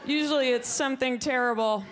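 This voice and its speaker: A young woman doing a stand-up comedy set on a club stage, speaking dryly into a handheld mic and jumping into shrill, loud put-on voices. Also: a little fast, crowd noise, background noise.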